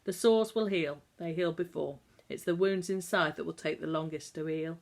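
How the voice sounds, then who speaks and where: A woman voicing a calm middle-aged country doctor who speaks in a measured, gentle way. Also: low-pitched, vocal fry.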